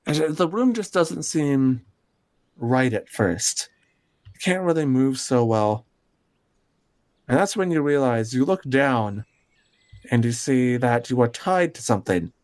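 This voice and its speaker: A man narrating a tabletop game as game master, describing scenes with drawn-out pauses. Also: mid-range voice, animated, a little mellow.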